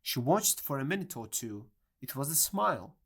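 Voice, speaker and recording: A reader narrating a storybook in a clear, measured way. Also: mid-range voice, very animated, fairly bright tone. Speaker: audiobook reader.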